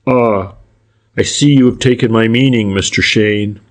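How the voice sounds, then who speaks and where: A man's voice: on the low side, a little slow, natural voice. A man reading as a sly, civil private detective. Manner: polite, deferential, roundabout. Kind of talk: audiobook character reading.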